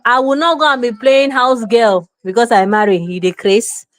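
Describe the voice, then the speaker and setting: A Nigerian woman lectures with a raised, emphatic delivery. Her voice sits a little high for a woman. She slips into Pidgin and plays out small scenes in quoted voices. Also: steady tone, normal speed. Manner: forceful, lecturing, mixes in Pidgin. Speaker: show host. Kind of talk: opinionated commentary.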